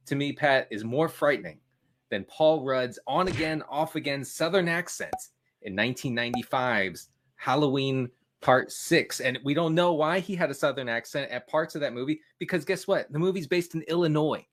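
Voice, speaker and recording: A man's voice: medium pitch, fairly bright tone. Mock-dramatic male football co-host. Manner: mock-dramatic, laughing along. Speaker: fantasy football analyst co-host. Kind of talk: casual comedic chat.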